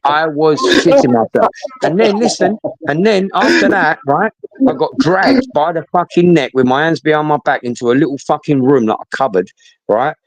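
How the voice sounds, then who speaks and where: A man's voice: a little high, animated, normal speed, dry recording, poor audio. A middle-aged man, telling a story in casual chat, blunt and sweary, often repeating himself.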